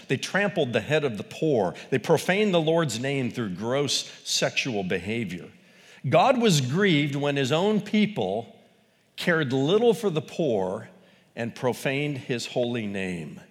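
A man preaching a sermon, animated, swinging between loud exclamations and quiet, quick asides. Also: mid-range voice. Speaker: pastor. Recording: long reverb of a large hall.

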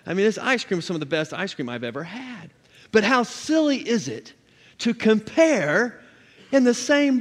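Preacher guy, high voice, gets loud and emphatic, church echo all around. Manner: preaching with rising, emphatic calls to the congregation. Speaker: pastor. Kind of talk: sermon.

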